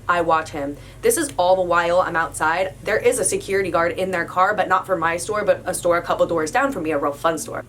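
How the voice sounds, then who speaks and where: A woman's voice: lowish voice, moderate pace, hardly any pauses, slight background noise. Chatty young woman telling a story. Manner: animated, emphatic retelling with many "like"s. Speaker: storyteller recounting a work incident. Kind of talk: casual storytime monologue.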